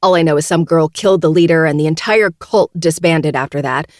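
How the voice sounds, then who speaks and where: A woman's voice: low-pitched, fairly quick, dry recording, studio quality, close to an everyday voice. A woman voicing a venomous, cornered young woman who seethes, screeches and pleads. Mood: seething.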